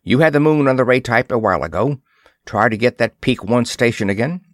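A man's voice: medium pitch, animated, fairly quick, no room sound, studio quality, natural voice. A man voicing a fleet commander who snaps out short, clipped orders. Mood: commanding.

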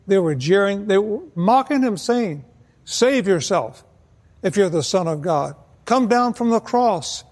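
Male preacher, high voice, earnest and measured, long reverb on the voice. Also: a little mellow. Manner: earnest, measured, slows for emphasis. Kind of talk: evangelistic sermon.

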